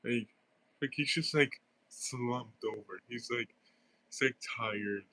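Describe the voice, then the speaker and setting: A man's voice: mid-range voice, slow, sharp tone, no room sound. A young man with a stuffy nose, rambling through casual gameplay commentary with lots of fillers and giggles. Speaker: gaming streamer.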